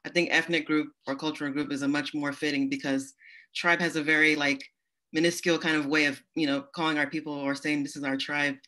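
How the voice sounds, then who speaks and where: A woman's voice: low voice, little pitch movement, fairly quick, pushed and bright. A young woman moderating a panel discussion, thoughtful and casual in her phrasing. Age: young adult.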